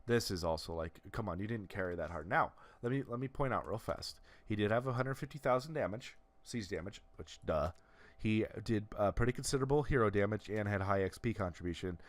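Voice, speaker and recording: A man's voice: on the low side, animated, fairly quick. A man giving casual, analytical commentary over video game footage, often restarting and filling with "uh.". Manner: analytical, lots of restarts and fillers. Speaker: gameplay commentator.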